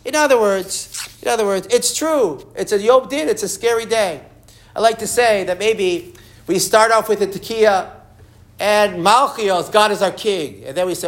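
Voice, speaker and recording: A man's voice: high voice, moderate pace. A man teaching a Torah class, with a voice that sits a little above the usual male range. He reads Hebrew and Aramaic sources aloud and explains them line by line in a loose, conversational way. He often restarts and repeats words mid-sentence.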